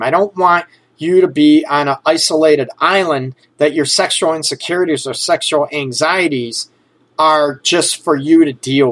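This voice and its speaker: A relationship advice host with a somewhat high, slightly bright male voice talks openly and casually to his audience. He cracks the occasional joke and keeps tossing in "okay?" and "you know" as he goes.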